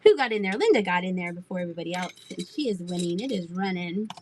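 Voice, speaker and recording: Showing off vintage pieces to her live-stream audience, a middle-aged auction seller chats and giggles casually. Her fairly low voice moves with lively intonation at a quick pace, over a noisy background.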